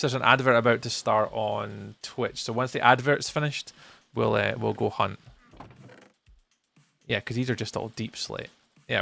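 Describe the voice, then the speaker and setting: His medium-pitched voice sounds gravelly, bright, and forceful. He's a Scottish man live-streaming a game, chatting away, responding to chat readers by name, and muttering to himself while he plays.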